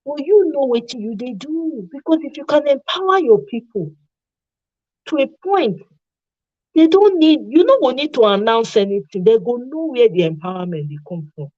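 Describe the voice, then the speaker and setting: A woman's voice: high-pitched, moderate pace, no echo. Nigerian woman host chatting, drops into pidgin, acts stuff out, muffled dry recording. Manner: animated, mixes in Pidgin and acts out little scenes. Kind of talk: casual commentary. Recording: dull, dry lo-fi sound.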